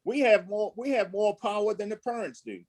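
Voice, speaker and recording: High-voiced coach stumbling over words. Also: male voice, darkish tone. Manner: halting, repeats words. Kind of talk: casual discussion.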